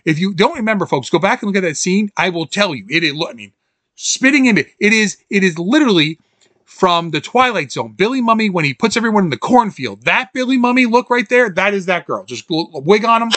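A man casually recapping a film as podcast host, animated, quoting scenes and laughing often. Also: brisk, dry recording. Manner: animated, quotes scenes in jumpy high voices, laughs often.

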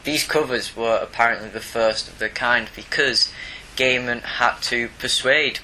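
A man's voice: mid-range voice, fairly even intonation, measured pace, sharp tone, a little hiss or hum, rough recording. A man chatting in a laid-back way as a podcast co-host talking about comics. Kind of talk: casual comics discussion.

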